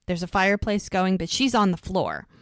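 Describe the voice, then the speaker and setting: A woman's voice: mid-range voice, normal speed, no echo. Woman animatedly retelling TV plot. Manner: animated retelling, acts out quoted lines. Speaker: podcast co-host recapping episodes. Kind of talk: casual recap chat.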